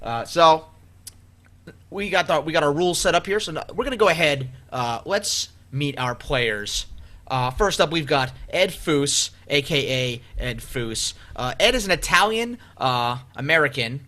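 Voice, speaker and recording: Bright-voiced rambling male podcast host. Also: a little high, unhurried. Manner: rambling, animated, many fillers. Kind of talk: casual comedy podcast chat.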